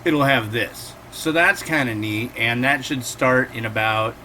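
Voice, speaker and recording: Bright-toned man in his forties, casual rambling host, soft hum behind. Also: medium pitch, unhurried. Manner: rambling and digressive, acts out quotes. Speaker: instant noodle reviewer and host. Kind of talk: casual chatty cooking vlog.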